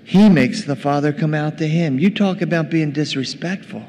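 A man's voice: fairly high pitch, normal speed, few pauses, darkish tone. A man preaching a sermon in a church, in a conversational way, talking directly to his congregation. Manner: conversational, addresses the congregation as gang. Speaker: pastor. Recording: long reverb, faint noise.

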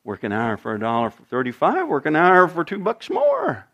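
A middle-aged male pastor preaching, his voice pitched high and swinging widely up and down. He tells stories and puts on little voices for the people in them. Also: huge pitch swings, moderate pace, gravelly, a bit bright. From United States. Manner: storytelling, acts out dialogue with shifting voices. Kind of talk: sermon.

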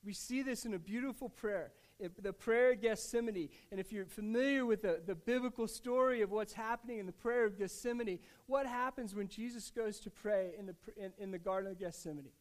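With a notably high voice, a male pastor gives a heartfelt sermon in a conversational style, restarting phrases and tossing in casual asides. He speaks fairly quickly with hardly any pauses, his earnest delivery swinging from a near hush to louder, emphatic stretches.

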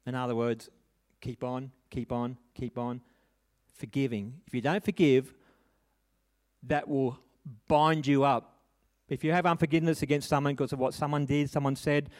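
A man's voice: medium pitch, a little mellow. A middle-aged man preaching a sermon, telling a personal story in an earnest, conversational way with frequent restarts and tag questions.

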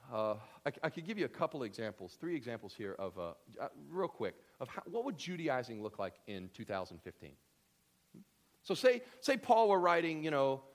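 A man preaching a sermon in a casual, conversational way, acting out the voices he quotes. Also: mid-range voice. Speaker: pastor.

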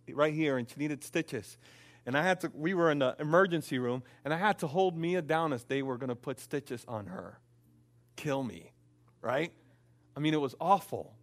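A middle-aged male pastor preaching a sermon, swinging between loud emphasis and soft, slow passages. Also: a little high.

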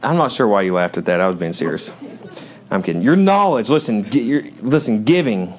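A man's voice: on the low side, lively intonation, brisk. A male pastor giving a sermon, conversational and joking with the congregation, then reading scripture with rising emphasis.

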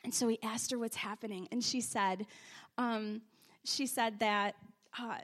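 A woman preaching a sermon, telling stories and testimony, moving from hushed confession to loud praise. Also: on the high side, measured pace. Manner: animated, swings from hushed confession to loud exclamations.

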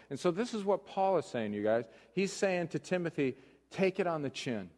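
A male pastor giving a conversational sermon, moving between hushed talk and loud emphasis. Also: a little high, very animated, normal speed, in a large hall.

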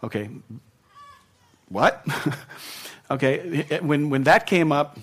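A man's voice: on the high side, slow pace. Conversational man preaching a sermon. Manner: conversational, repeats words, checks in with "right?". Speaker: pastor.

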